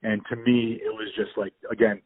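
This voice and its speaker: A man's voice: on the low side, little pitch movement, moderate pace, a crowd in the background. A man hosting a podcast, chatting casually and enthusiastically over the phone, rambling with restarts. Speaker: podcast host. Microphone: phone call. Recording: tinny phone line.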